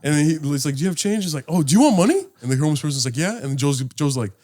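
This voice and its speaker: A man co-hosting a podcast, trading quick teasing banter in casual chat. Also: a little high, lively intonation, mellow. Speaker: podcast co-host.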